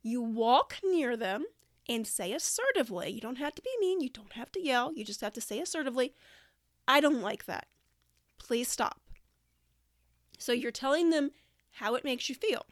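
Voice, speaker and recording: A woman's voice: high voice, big pitch swings, a little fast, no echo, studio quality. A woman giving practical classroom behavior advice in a direct, demonstrating way. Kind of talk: podcast-style teaching talk.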